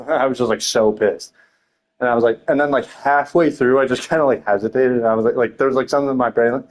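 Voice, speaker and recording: A man's voice: mid-range voice, fast. A young man telling rambling stories in casual chat, laughing often, swearing and filling his talk with slang.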